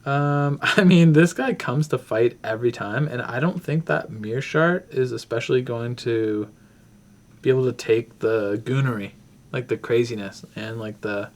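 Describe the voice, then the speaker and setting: A man's voice: medium pitch, unhurried, darkish tone. Rambling man breaking down fights. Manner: rambling, thinking aloud with many fillers. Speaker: podcast host.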